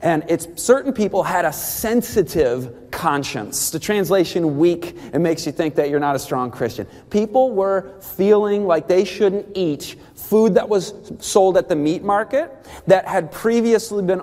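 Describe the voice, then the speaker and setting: A man giving an emphatic, animated talk on Bible diet rules, with quick asides and laughs. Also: sits high, long reverb tail.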